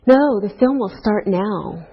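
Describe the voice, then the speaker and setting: A woman teaching an English grammar lesson to a class, speaking slowly and deliberately through example sentences. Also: mid-range voice, animated, breathy edge. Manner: slow, deliberate teacher talk with rising and falling example tags. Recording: dull lo-fi course recording.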